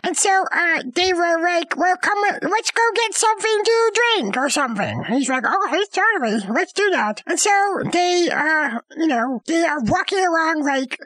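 A woman's voice: extremely high pitch, expressive, normal speed, few pauses, fairly bright tone, dry recording. A woman telling an improvised comedy story, rambling with lots of "like" and acting out characters. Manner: rambling, valley-girl "like" and "oh my God", acts out characters. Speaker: storyteller co-host.

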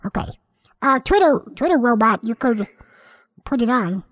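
A woman voicing a dim, rambling young boy who hosts a comedy podcast alone, talking in halting, sidetracked sentences. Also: on the high side, expressive, fairly bright tone. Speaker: podcast host.

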